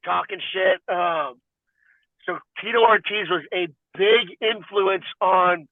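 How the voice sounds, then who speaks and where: Male podcast guest, high and dry, rambling chatter over a tinny phone-like line. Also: no room sound. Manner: rambling and animated, heavy filler "like". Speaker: podcast guest, fighter and wrestler. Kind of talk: casual interview chat.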